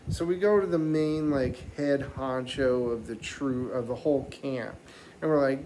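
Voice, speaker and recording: A man's voice: mid-range voice, measured pace, slight background noise, poor audio. Man telling a rambling stand-up story. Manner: animated, rambling storytelling with mock voices. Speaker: stand-up comedian.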